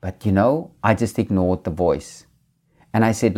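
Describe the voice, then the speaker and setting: A man from Africa preaching a sermon and telling his own testimony in an earnest, unhurried way, often repeating words as he speaks. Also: fairly low pitch, warm tone.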